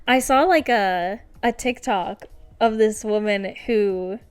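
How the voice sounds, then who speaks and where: Woman, podcast co-host, casual chat, filler-heavy, clear voice. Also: mid-range voice, takes it slowly, faint music behind. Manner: chatty, laughs often, many "like" fillers.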